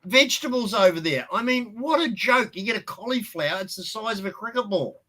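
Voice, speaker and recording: High-voiced ranting Australian man. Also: lively intonation, fairly quick, bright, forceful tone, low-quality recording. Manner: blunt, swears freely, ranting. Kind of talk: casual live-stream chat.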